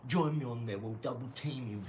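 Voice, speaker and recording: A young man streaming live from his garage, mocking and trash-talking a viewer with sudden loud outbursts. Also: mid-range voice, moderate pace, far from the mic, dull audio, background noise. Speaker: livestreamer. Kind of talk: live stream chat while boxing.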